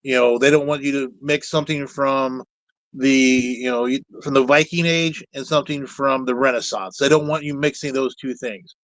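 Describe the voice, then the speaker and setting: A man talking as a guest in a relaxed, meandering way, candid and a little salty with his words. His voice sits at an ordinary middle pitch. The sound is dry and close, without room echo. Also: normal speed. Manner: rambling, candid, peppered with mild cussing. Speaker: guest, puppet builder. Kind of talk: casual chat.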